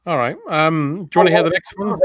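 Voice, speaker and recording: A male host with a slightly high voice, recorded close and dry. He reads film pitches aloud in a straight-faced way for his comic guests. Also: quick pace, fairly bright tone, no room sound. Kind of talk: comedy chat, reading pitches.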